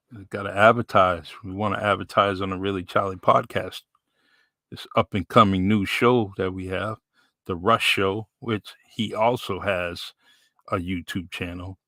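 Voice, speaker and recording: A man with a New England accent hosting a podcast in a relaxed, rambling way with many fillers. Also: deep voice, no echo. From New Bedford, Massachusetts. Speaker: podcast host. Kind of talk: casual live-stream chat.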